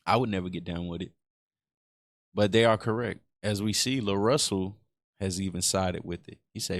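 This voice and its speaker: A man's voice: low-pitched, normal speed, no room sound, clean studio sound. A man giving blunt, profane reaction commentary in a casual streaming style. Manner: blunt, profane, repetitive emphasis.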